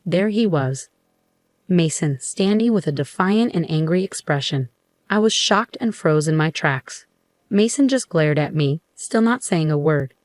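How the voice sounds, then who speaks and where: A woman narrating a first-person story in an even, measured way. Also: low-pitched, no echo.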